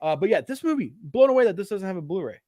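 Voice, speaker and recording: A man with a fairly high voice talks films in a loose, animated way, swearing freely and dropping into mocking voices. The sound is close and dry, with no room around it. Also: very fast, dry recording. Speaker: podcast co-host. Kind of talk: casual chat about films.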